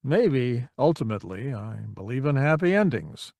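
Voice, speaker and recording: A laid-back, wry pilot commander, read by a man in an audiobook, casually understated with a lively pitch. The sound is close and dry. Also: moderate pace, creaky, dry recording. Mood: wry, relaxed. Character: easygoing, wry male fighter commander. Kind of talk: audiobook character reading.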